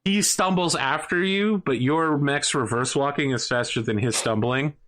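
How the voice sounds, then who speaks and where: A man's voice: mid-range voice, normal speed, fairly bright tone, slight background noise. Man running a tabletop game. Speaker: game master.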